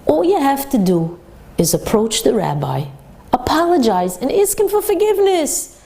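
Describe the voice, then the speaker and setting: A woman's voice: sits high, very animated, moderate pace, vocal fry, mellow, voice pushed up, heavily acted. A woman doing a reassuring male friend. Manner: soothing, reassuring.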